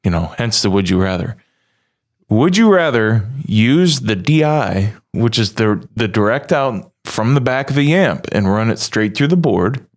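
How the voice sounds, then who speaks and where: Animated, rambling male co-host. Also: on the low side, a little slow. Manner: rambling, playful, loses his thread. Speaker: podcast co-host. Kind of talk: casual podcast chat.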